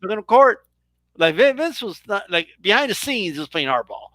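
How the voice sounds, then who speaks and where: A man's voice: high-pitched, big pitch swings, a little fast, sharp tone, no room sound. A man co-hosting a casual wrestling talk, laid-back, often adding "bro" and "you know what I mean". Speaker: co-host. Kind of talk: casual chat.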